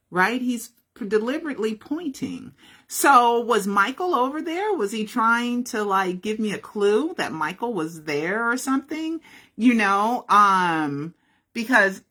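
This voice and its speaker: A woman's voice: on the low side, fairly bright tone, husky. A woman telling a story to her viewers in a casual, chatty way, often checking in with "right?" and "okay?". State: feeling unwell.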